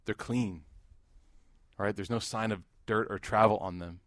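A man in his thirties giving a sermon, mixing laughing stories with hushed, earnest reflection. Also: fairly low pitch, moderate pace, no echo, clean studio sound. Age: 30s. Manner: animated, jokes and rises loud in anecdotes, hushed and earnest in devotion. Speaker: Muslim preacher. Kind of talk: sermon with storytelling.

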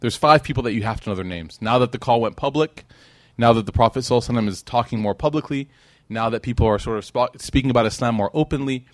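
A man's voice: on the low side, dry recording. A man teaching an evening religious class in a casual, conversational way, often checking in with "right?" and acting out the people in his stories.

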